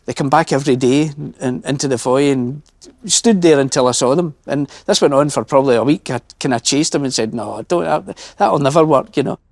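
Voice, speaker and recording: A man's voice: medium pitch, brisk, dry recording, clean studio sound. A Scottish man who manages a theatre, speaking plainly in an interview and often restarting his sentences. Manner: plain-spoken, repeats himself when starting thoughts. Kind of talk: interview reminiscing.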